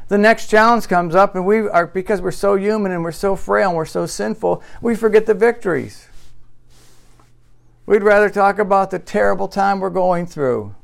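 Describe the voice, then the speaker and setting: A male pastor preaching a sermon, who repeats key phrases for emphasis and swings between loud, emphatic exclamations and quiet, reflective asides. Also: high-pitched, moderate pace, gravelly.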